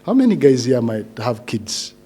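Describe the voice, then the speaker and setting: A man's voice: mid-range voice, normal speed, slightly rough. Chatty man speaking to graduates. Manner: chatty, animated, asks the audience questions. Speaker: coach and guest speaker. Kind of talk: informal speech to graduates.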